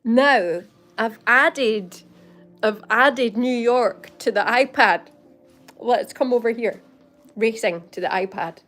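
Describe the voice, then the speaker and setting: A woman's voice: fairly high pitch, slow, a bit bright, soft background music. A Scottish woman hosting a casual livestream, bubbly and laughing often as she chats to viewers by name. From Scotland. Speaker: livestream host. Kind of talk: casual live chat with viewers.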